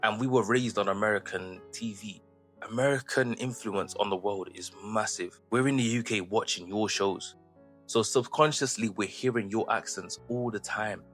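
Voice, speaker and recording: A man's voice: lowish voice, a bit bright. A British man from the UK giving casual commentary to camera, talking things through with rhetorical questions. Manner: conversational, asks rhetorical questions. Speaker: commentary vlogger.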